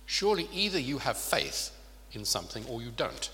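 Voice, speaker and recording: This sermon comes from a man with a mid-range voice, very animated and pushed bright, speaking at normal speed. He preaches earnestly and keeps asking rhetorical questions, with the long reverb of a large hall around him.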